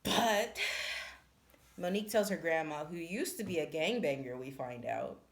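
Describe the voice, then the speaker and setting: A woman's voice: low-pitched, animated, normal speed. A woman reviewing a book in casual chat, retelling the plot in a blunt, profane, exasperated way.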